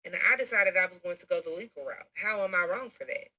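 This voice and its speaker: A woman tells her own story in a blunt, emphatic way. Her voice sits a little low but sounds bright and forceful. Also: fast talker, low-quality recording. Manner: blunt, emphatic, uses slang. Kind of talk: recorded personal story.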